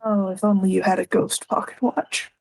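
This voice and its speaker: A woman's voice: mid-range voice, little pitch movement, moderate pace, gravelly. A woman playing a tabletop game, playful and easygoing as she speaks in character. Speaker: player.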